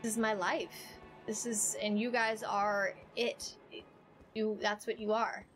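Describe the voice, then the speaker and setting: A woman live-streaming a video game, chatting with her viewers, rambling and emotional, then excitable during play. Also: mid-range voice, slow, faint music behind. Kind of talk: live gameplay stream chat. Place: home streaming setup.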